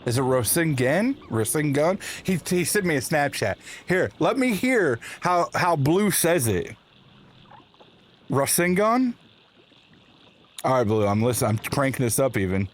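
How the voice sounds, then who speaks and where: A man streaming a video game from his home setup, talking casually and teasing himself with quick laughs. His voice sits a little high for a man and swings up and down a lot as he jokes with chat. A faint hiss of background noise runs under the desk-mic sound. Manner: playful and animated, laughs at himself. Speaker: livestream host. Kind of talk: casual chat while gaming.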